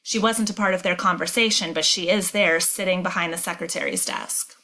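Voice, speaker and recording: A woman teacher reading a novel aloud and explaining it, clear and emphatic. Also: fairly low pitch, a little fast, bright, forceful tone.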